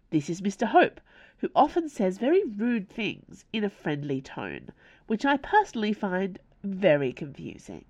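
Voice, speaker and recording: A woman's voice: medium pitch, a little mellow, voice pushed up. A woman reading aloud voices a polite, gracious young woman playing hostess.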